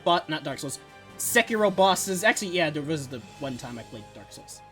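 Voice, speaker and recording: A man's voice: fairly high pitch, lively intonation, normal speed, bright, forceful tone, soft background music. Chatty young male game streamer. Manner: joking, chatty, reacting to cutscenes. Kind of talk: casual live-stream chat.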